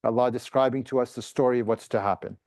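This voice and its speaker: A man teaching a class, moving between plain explanation and chanted recitation of verses. His voice sits at an ordinary middle pitch. The sound is dry and close, with no room echo, and he turns to his students with questions. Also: steady tone, fast, a little mellow. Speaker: Quran teacher. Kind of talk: classroom tafseer lesson.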